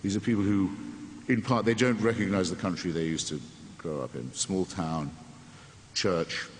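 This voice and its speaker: A man in his 60s, low-pitched and speaking at normal speed, is a guest in an onstage conversation before an audience. He is sardonic, wry, and digressive, and the echoey hall carries faint room noise.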